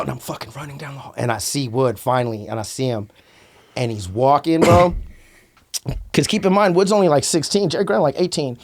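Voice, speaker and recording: A man telling stories as a podcast guest, animated and profane, calling the host "bro" a lot. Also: on the high side. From Antioch, California. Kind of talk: casual storytelling.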